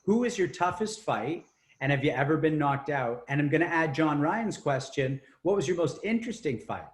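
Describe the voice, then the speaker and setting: A man's voice: fairly high pitch, lively intonation, moderate pace. A male interviewer reading out questions sent in by viewers. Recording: echoey, distant room.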